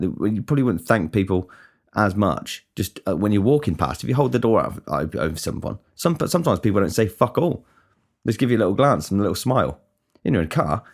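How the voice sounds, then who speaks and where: A man's voice: lowish voice, darkish tone. A man hosting a casual solo podcast, rambling and swearing with many restarts. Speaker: podcast host.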